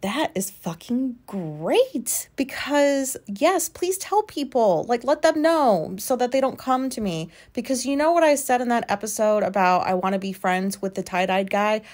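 A woman's voice: a little high, expressive, unhurried, hardly any pauses, a little mellow. A woman in her thirties hosting a rambling solo podcast from her recliner at home, talking casually and frankly, with lots of fillers and free swearing. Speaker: podcast host.

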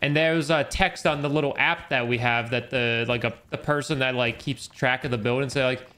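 A man's voice: mid-range voice, steady tone, moderate pace, pushed and bright. A young man streaming a game, chatting casually in a rambling, joking way and swearing freely. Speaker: gaming streamer. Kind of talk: casual chat over gameplay.

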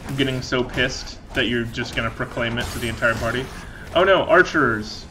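A man's voice: mid-range voice, moderate pace, over music. A young man giving rambling, sarcastic, profane commentary while playing a video game. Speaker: let's play gamer. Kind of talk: casual gameplay commentary.

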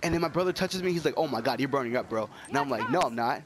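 A young gaming YouTuber, sick with a cold and coughing, talks very fast over gameplay with a lively pitch. He's excitable, yelping and drifting into chatty stories while game gunfire fills the noisy background.

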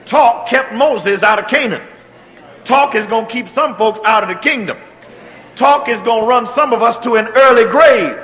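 A man preaching a sermon, checking in with his congregation and moving between quiet, drawn-out phrases and shouted exhortations. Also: very high voice, in a large hall, muffled recording. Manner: call-and-response preaching, asks if the congregation is still with him.

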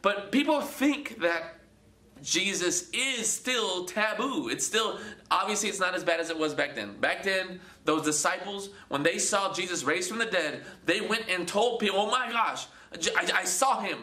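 Bright-voiced man preaching in an echoey room. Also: high voice, measured pace. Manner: animated, acts out quoted voices, repeats words. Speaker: Christian video host. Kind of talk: casual preaching to camera.

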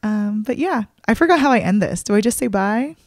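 A woman's voice: medium pitch, animated, a little fast, a little mellow, no echo, studio quality. A young adult woman hosting her own podcast in casual solo chat, talking in an open, emotional way with many fillers. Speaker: podcast host.

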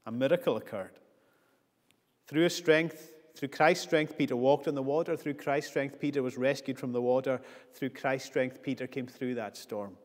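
A man's voice: mid-range voice, moderate pace. A man preaching a sermon earnestly, building his points with repeated phrases. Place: church. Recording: long church reverb.

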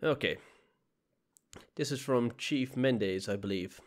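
A man's voice: mid-range voice, a little slow, pauses often. A male gaming host talks through his horror game run from home. His commentary is casual and self-mocking, in a mid-range voice. The sound comes through a desk mic. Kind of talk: let's play commentary. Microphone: desk mic with webcam.

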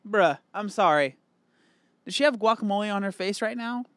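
A man's voice: sits high, animated, normal speed, a bit bright, no room sound. A man casually reacting to a video, candid and chatty, thinking aloud as he comments. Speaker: reaction host.

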